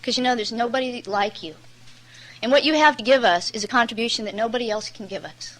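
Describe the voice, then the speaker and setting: Blunt, bright-voiced woman telling her story. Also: on the high side, quick pace, low-quality recording. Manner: candid, rambling storyteller, many "you know"s; plain-spoken and blunt. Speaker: recovery meeting speaker. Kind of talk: personal testimony at a recovery meeting.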